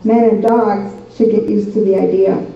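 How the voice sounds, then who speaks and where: A woman reading short joke one-liners in a deadpan way at a talent show. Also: medium pitch, moderate pace, creaky, a loud crowd. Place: large echoey camp hall. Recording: echoey hall from far off, dull camcorder sound.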